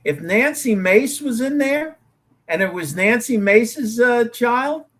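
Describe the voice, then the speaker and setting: A man's voice: very high voice, lively intonation, takes it slowly, a bit bright. A man co-hosting a talk show, arguing his case emphatically and tripping over repeated words when he gets worked up. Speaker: co-host. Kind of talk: casual opinionated banter.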